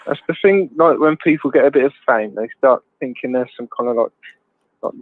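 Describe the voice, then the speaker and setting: A man's voice: mid-range voice, a little fast. Blunt rambling man on a tinny line. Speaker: livestream host. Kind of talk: casual chat. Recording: tinny phone-like line, dry.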